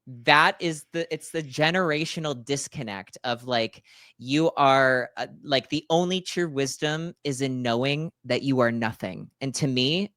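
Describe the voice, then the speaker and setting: A man in his thirties co-hosting a podcast, telling stories in an animated, playful way with acted-out asides. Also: medium pitch, unhurried, no echo, studio quality. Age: 30s. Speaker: podcast co-host. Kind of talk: casual chat.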